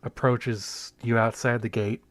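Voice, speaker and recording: A man narrating as game master of a tabletop role-playing game, with many pauses and restarts. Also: medium pitch, little pitch movement, slight background noise.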